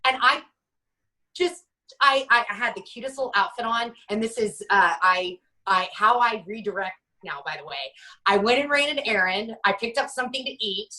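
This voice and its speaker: A woman in her forties, a guest author telling her personal story in an interview, halting and restarting often, acting out what others said. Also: medium pitch, rough recording. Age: 40s. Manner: halting, many restarts, lively quoting of others.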